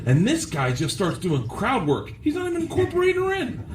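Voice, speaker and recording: Rowdy swearing comedian, distant and echoey. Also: male voice, sits high, wildly swooping pitch, fairly quick. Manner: rowdy, swearing, acts out quotes. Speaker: stand-up comedian. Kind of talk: stand-up storytelling.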